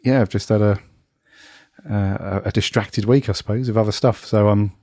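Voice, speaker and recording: A man with a head cold chats on a fan podcast, his voice low and croaky. The sound is dry and close, with no room in it. He talks casually and keeps calling his co-host "mate". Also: fairly even intonation, moderate pace, warm tone, no echo. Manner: chatty, says "mate" a lot. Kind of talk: casual chat.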